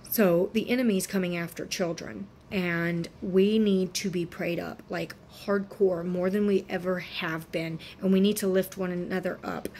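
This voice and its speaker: A woman's voice: fairly low pitch, steady tone, moderate pace, few pauses, a little mellow, slight background noise. A woman in her thirties with a swollen throat and fever, talking earnestly and rambling in a casual faith vlog. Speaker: Christian vlogger.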